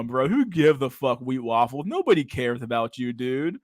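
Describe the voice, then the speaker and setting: A young man rants over a video he is reacting to, crude and mocking, stumbling into constant restarts. His voice sits mid-pitch and is recorded dry and close, with no room sound. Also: big pitch swings, moderate pace, hardly any pauses, a little mellow, dry recording. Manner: crude, mocking, rambling with many restarts and "bro". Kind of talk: casual profane reaction commentary.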